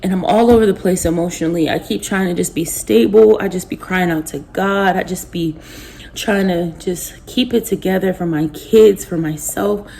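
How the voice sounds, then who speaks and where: A woman vlogging to her viewers, emotionally exhausted and close to tears, her talk halting and often dropping to a near whisper. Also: on the low side, vocal fry, dark tone, a little hiss or hum. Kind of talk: emotional personal vlog.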